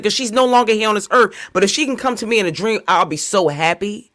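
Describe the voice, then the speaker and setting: A man's voice: fast, few pauses, a bit bright. Stammering man in heartfelt casual commentary. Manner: stammering, heartfelt, rises high when pleading. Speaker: host reacting to a clip.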